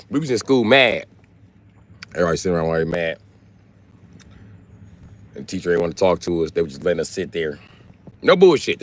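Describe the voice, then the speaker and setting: A man in his forties from Illinois telling profane, comedic stories on a livestream. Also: low-pitched. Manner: animated, profane, storytelling. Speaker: livestream host.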